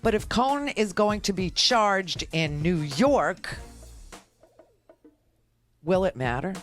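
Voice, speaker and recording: A woman's voice: medium pitch, lively intonation, takes it slowly, faint music behind. A woman talk radio host giving a sarcastic, ranting political monologue.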